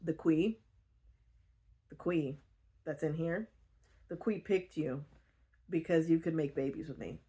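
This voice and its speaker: A woman voicing a blunt, possessive male alien barbarian in a casual book retelling, speaking low and quietly. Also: measured pace, pauses often, breathy edge, heavily acted.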